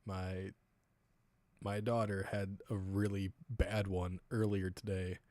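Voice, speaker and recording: A man's voice: deep voice, level tone, slow, a little mellow, no echo. A man in his thirties chatting on his livestream as its host, laughing often while he tells crude funny stories. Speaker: streamer. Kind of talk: casual livestream chat.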